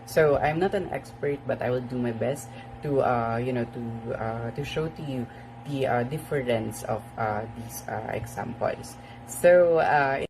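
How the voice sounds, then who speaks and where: Student presenter, medium pitch, many fillers, faint background noise. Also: measured pace, darkish tone, rough recording. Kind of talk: class presentation.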